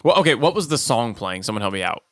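A man's voice: medium pitch, quick pace, no echo, studio quality. A man co-hosting a podcast, recapping a movie in casual chat and acting out the characters' lines. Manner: animated storytelling, acting out quotes. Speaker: podcast co-host.

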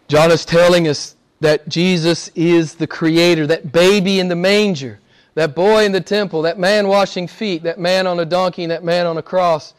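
Emphatic high-voiced male preacher. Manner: emphatic preaching with lists and scripture readings. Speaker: pastor. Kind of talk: sermon.

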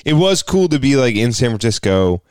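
A podcast co-host tells a story in casual conversation, animated and profane, performing the voices of the people involved. He has a medium-pitched, clean voice at a moderate pace, recorded in a clean studio with no room sound.

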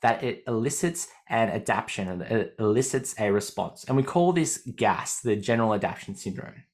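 Australian man coaching, fairly low voice. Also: lively intonation, fairly quick, a little mellow. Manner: explains with examples, checks in with "okay?". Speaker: fitness coach. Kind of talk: explanatory podcast talk.

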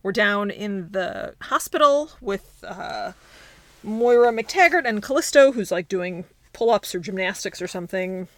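A woman's voice: medium pitch, expressive, a little slow, no echo. A woman co-hosting a podcast, giving a laid-back recap of a comic issue in casual chat and laughing easily. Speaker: podcast co-host.

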